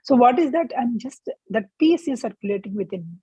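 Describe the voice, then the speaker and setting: A woman with a somewhat high, breathy voice leads a spiritual book club. She reads passages aloud, then explains them and asks her listeners rhetorical questions, in a dry, close sound. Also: animated, brisk, mellow, dry recording, highs cut off. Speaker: book club discussion leader.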